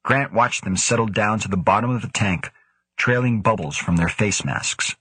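Husky, low-voiced male audiobook narrator. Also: moderate pace, bright, forceful tone, dry recording. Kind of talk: scripted narration.

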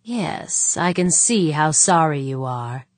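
Voiced by a woman, a proud, scheming male executive talks in a low, slow and measured way. His calm sarcasm carries a contempt he never raises his voice to show, read as an audiobook character. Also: no echo. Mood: cold. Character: cold, scheming male board member, proud and bitter.

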